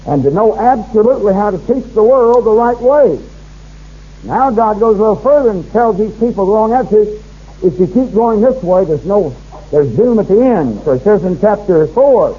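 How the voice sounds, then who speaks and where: A man's voice: high-pitched, animated, normal speed, husky, phone-quality sound. A man preaching a fervent sermon, reading scripture aloud and rising in force as he warns his listeners.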